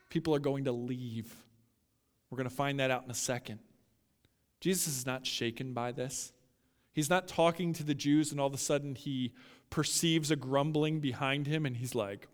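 Male pastor, sermon delivery, emphatic and direct, slightly high voice, recorded with long reverb. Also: moderate pace, pauses often. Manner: emphatic, building to loud peaks, addresses listeners as guys.

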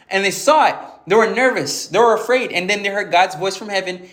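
A man's voice: high voice, expressive, fairly quick, a bit bright, echoey room. A man giving informal Bible teaching, reading verses aloud and explaining them conversationally, often repeating words as he goes. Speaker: preacher.

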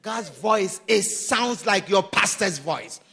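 A man preaching a sermon, shouting some lines and drawing others out slowly for emphasis. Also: high-pitched, animated, vocal fry, background noise. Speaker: pastor.

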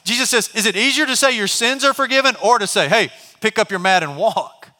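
Male pastor, high and bright, animated sermon storyteller, reverberant church hall. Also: brisk. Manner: animated storytelling, acts out characters. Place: church sanctuary.

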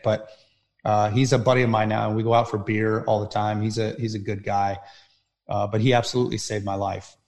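A man telling an earnest, halting personal story as an interview guest. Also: on the low side, darkish tone. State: near tears at times. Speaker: firefighter guest.

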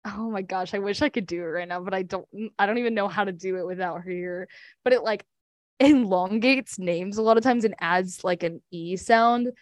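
A woman's voice: medium pitch, normal speed, no echo. A young woman co-hosting a podcast in casual chat, rambling with lots of fillers. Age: young adult. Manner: chatty, fillers, laughs often. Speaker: podcast co-host.

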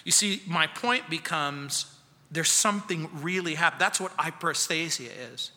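A male pastor preaches in a bright, tense, fairly high voice, telling a story earnestly and dropping to near-quiet for emphasis. His words ring out with the long reverb of a church sanctuary. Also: normal speed. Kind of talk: expository sermon.

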